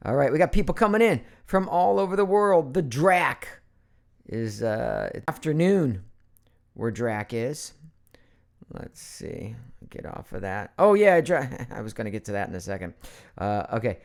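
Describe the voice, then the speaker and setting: A man's voice: medium pitch, lively intonation, moderate pace. Chatty middle-aged man streaming from home. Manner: chatty and playful, jumps between topics. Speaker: voice actor hosting a live Q&A. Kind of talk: casual live-stream chat. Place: at home, at his computer.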